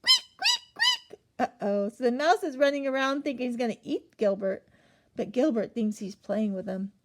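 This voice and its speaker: A woman's voice: fairly high pitch, normal speed, very noisy. A young woman reading a picture book aloud to children, asking them questions and gasping as she goes. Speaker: storyteller.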